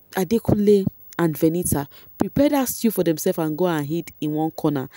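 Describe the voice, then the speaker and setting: A Nigerian woman comments on a reality show casually and excitably, laughing often and speaking straight to her viewers. Her pitch is fairly low, and there's no room sound.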